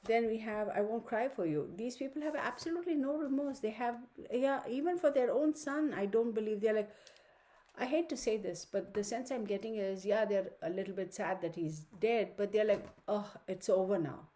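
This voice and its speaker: A woman's voice: fairly high pitch, moderate pace, warm tone. A woman giving a chatty, opinionated tarot reading from her home study, talking to viewers and her dog. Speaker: tarot reader. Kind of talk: casual online tarot reading.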